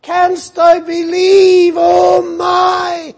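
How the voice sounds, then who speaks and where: A man's voice: very high-pitched, takes it slowly, voice pushed up, full character voice. A man acting out a desperate father who cries out in anguish, pleading and broken.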